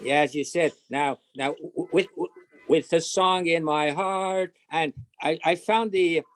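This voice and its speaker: A man joining a Bible class on a video call, talking in a halting way with many restarts and humming bits of old songs. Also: a little high, no room sound. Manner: halting, many restarts, hums song snippets. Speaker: class participant. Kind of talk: casual chat.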